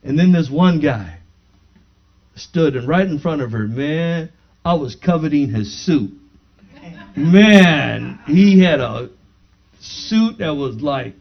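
A pastor with a fairly high, lively-intoned voice preaches at a measured pace. In this testimony he tells his congregation a personal story, acting out each exchange, then builds to fervent praise, heard through a dull lo-fi recording.

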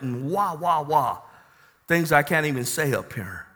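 A male pastor with a bright, ringing, slightly high voice, preaching with exuberant energy. He moves from hushed storytelling to shouted bursts of praise. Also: very animated, slow pace, slightly rough, big-room sound. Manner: exuberant, swinging from quiet storytelling to shouted exclamations. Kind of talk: sermon.

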